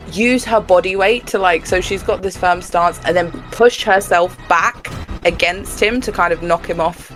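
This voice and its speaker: A woman playing a tabletop role-playing game, describing her character's moves in an excitable, chatty way. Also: lowish voice. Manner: excitable, chatty, lots of fillers. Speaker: player. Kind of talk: casual chat while playing a tabletop game.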